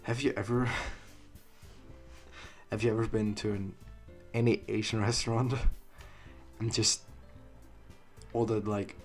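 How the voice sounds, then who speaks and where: A man's voice: on the low side, flat delivery, takes it slowly, long pauses, faint music behind. A young man giving rambling, casual commentary on a game he is playing, swearing freely and laughing at his own jokes. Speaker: let's play gamer.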